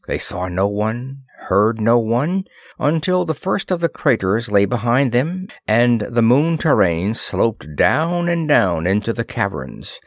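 A man reading an adventure story aloud in a measured narration. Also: mid-range voice, sing-song, dry recording, clean studio sound.

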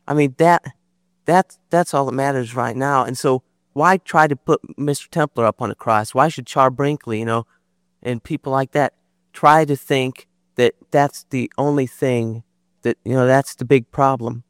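Man, halting but sincere audience comment, dry close sound. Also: medium pitch, clean tone, dry recording. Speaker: audience member. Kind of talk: public debate comment.

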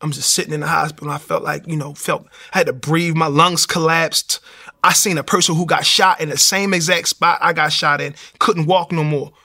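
Gravelly man telling his story. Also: fairly high pitch, fairly even intonation, fairly quick, sharp tone. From Baltimore, USA. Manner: storytelling with acted-out dialogue. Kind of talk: personal testimony.

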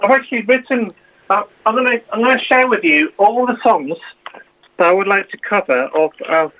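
A woman's voice: mid-range voice, brisk, fairly bright tone. A woman, a busking musician, speaking hesitantly with many fillers in a radio interview. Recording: dull lo-fi sound with faint music.

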